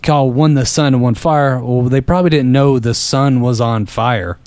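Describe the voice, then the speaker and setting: A man's voice: mid-range voice, steady tone, moderate pace, darkish tone, clear, resonant tone, dry recording. Laid-back joking man. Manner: laid-back, jokey, does little voices. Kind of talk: casual chat.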